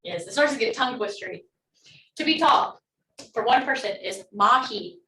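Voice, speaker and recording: Bright upbeat woman teaching a class. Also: fairly high pitch, lively intonation, normal speed, roomy sound, distant mic, slight background noise, poor audio. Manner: upbeat, encouraging, models words for repetition. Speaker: language teacher. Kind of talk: online language class.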